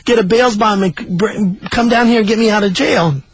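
A man's voice: high-pitched, moderate pace, husky, no echo, pitched above the performer's own voice. A storyteller voicing a desperate young man who phones from jail, pleading and stammering in a rush.

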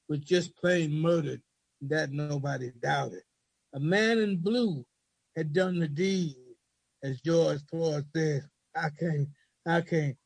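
A man with a gravelly, fairly high voice, speaking haltingly with many pauses before he reads his poem in a steady, rhythmic spoken-word cadence. The sound is dry and close, with no room around it. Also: dry recording, rough recording. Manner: halting and hesitant in speech, rhythmic in recitation. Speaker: poet reading his own poem. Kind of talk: spoken word poetry reading.

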